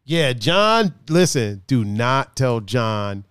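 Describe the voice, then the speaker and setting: Animated man telling a wild story. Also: medium pitch, takes it slowly, clear, resonant tone, dry recording, faint music behind. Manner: animated, laughs a lot, swears, acts out friends' lines. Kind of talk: casual storytelling chat.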